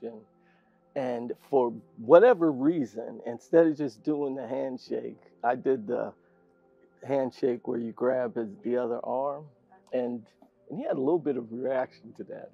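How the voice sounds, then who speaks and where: An older man, a guest in an interview, telling an animated story and laughing often. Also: medium pitch, vocal fry, breathy edge. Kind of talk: storytelling anecdote in conversation. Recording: dull lo-fi sound.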